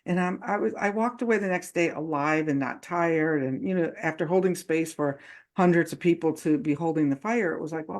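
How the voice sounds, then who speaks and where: A woman hosting a casual live online chat, talking loosely with many fillers and frequent laughs. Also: low voice. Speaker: host.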